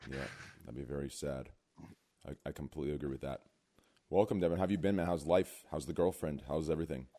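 A man's voice: a bass voice, fast talker, mellow. A man hosting a podcast, chatting casually with crude jokes as he introduces his guests. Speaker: podcast host.

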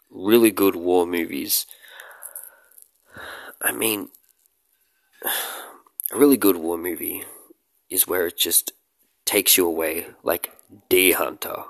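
Speaking slowly with long pauses, a low-pitched male movie vlogger addresses the camera in a dry, roomless recording. He meanders through films he likes in a joking way, with shouted moments and laughter.

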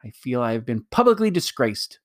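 A man voicing a fussy, pompous old gentleman who complains in aggrieved, formal speech. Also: big pitch swings, a little fast, no echo, studio quality, lightly acted. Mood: indignant. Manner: pompous, aggrieved, raised pitch.

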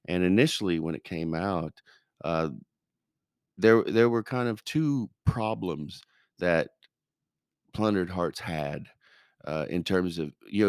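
Man co-host, very low smooth voice, measured and hesitant delivery. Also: no echo, clean studio sound. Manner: measured, hesitant, many fillers. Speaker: podcast co-host. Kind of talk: casual discussion.

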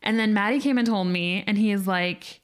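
Smooth and a little fast, a young adult woman with a mid-range voice recounts a personal story as a podcast co-host. It's chatty, casual storytelling peppered with "like."

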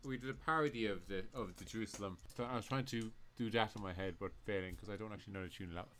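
A man's voice: lowish voice, racing, a crowd in the background. A man co-hosting a comedy podcast, chatting in a rambling, playful way. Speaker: podcast co-host. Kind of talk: casual comedy chat.

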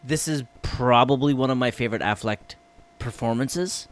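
A man co-hosting a podcast in casual chat, enthusiastic, swearing freely and trailing off as he gets excited. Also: mid-range voice, moderate pace. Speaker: podcast co-host.

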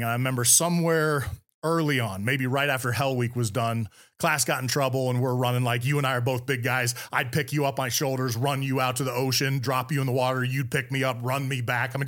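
A middle-aged man from California, a podcast guest and former military officer, telling stories in an energetic interview with frequent restarts. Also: mid-range voice. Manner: fast, energetic storytelling with repeated words and restarts. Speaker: podcast guest, former Navy SEAL commander. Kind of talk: storytelling interview talk.

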